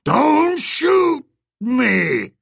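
A man voicing a man-sized alien beast that speaks in broken, halting phrases. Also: very high-pitched, wildly swooping pitch, creaky, a bit bright, breathy edge, dry recording, clean studio sound, pitched above the performer's own voice, heavily acted.

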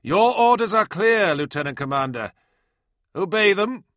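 A man voicing a cold, mechanical male liaison who speaks over an intercom with sterile, assured calm. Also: high-pitched, a little slow, no room sound, studio quality, voice pushed up. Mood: commanding.

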